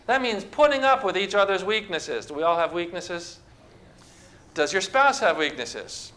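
Male pastor, sermon, high voice, conversational, questions to congregation. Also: animated, normal speed, bright, forceful tone. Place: church with a congregation.

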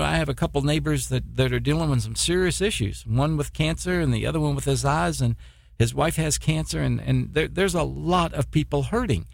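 Gravelly folksy male preacher. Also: on the high side, no room sound, clean studio sound. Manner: folksy, repetitive, stammering restarts. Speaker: preacher, former military missionary. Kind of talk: sermon.

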